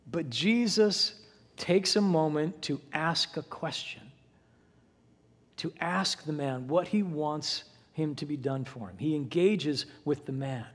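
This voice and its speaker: Male pastor, higher register, dramatic storyteller, large reverberant church. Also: lively intonation, takes it slowly, breathy edge. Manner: dramatic retelling with voiced quotes. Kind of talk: sermon. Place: church sanctuary. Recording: long hall reverb.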